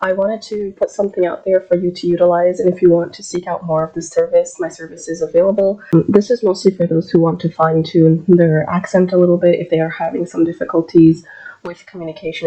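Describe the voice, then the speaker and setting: A woman who is a little sick, teaching an English pronunciation lesson and drawing out each word slowly so it can be repeated. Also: on the low side, dark tone, poor audio. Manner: slow, drawn-out modeling of words. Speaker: English accent coach.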